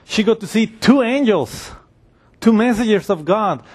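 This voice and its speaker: A man's voice: high voice, very animated, measured pace, a little mellow. A man preaching a sermon in a conversational way, acting out the voices of the people in his story.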